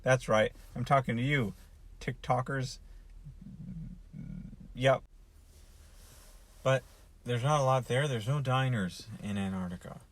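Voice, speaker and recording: A man's voice: mid-range voice, slow pace, long pauses. A man hosting a comedy show, rambling sarcastically and talking straight to the listener. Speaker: host. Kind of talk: deadpan comedic monologue.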